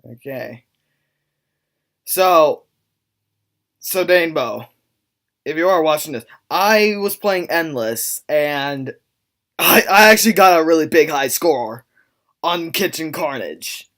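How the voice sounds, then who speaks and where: Excitable male gamer with lively pitch. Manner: excitable, rambling, quick to laugh. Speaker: YouTube gamer. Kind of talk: casual gameplay commentary.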